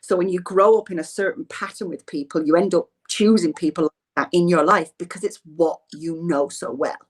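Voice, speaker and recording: Woman, middle-aged, lowish voice, earnest and rambling interviewee. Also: steady tone, brisk, slightly rough. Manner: earnest, rambling, repeats herself. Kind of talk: heartfelt personal storytelling.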